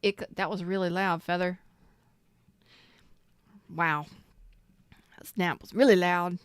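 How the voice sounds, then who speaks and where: Woman doing a live tarot reading, swears a lot, gets worked up and preachy, smooth clear voice, dry close sound. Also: fairly low pitch, steady tone, slow pace, dry recording. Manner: emphatic, swears freely, preachy; emotional, close to tears. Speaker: tarot reader.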